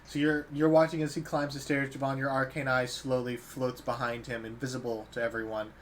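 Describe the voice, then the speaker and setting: A young man narrates a tabletop game as dungeon master, in a relaxed, casual voice with a middle pitch. He laughs easily, and a faint hiss of noise sits under the recording. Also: fairly quick.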